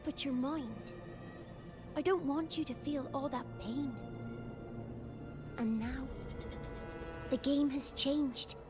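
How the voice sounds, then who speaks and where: An unsettling high-voiced game child, slow delivery, light score underneath. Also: female voice, steady tone, over music. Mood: eerie. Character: eerie childlike girl with an old soul.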